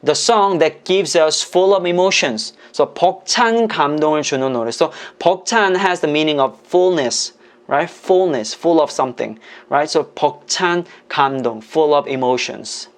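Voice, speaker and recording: A native Korean speaker teaching the language in English, explaining patiently and checking understanding with frequent questions. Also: medium pitch. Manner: speaks Korean phrases quickly and clearly, English slowly. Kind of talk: online language lesson.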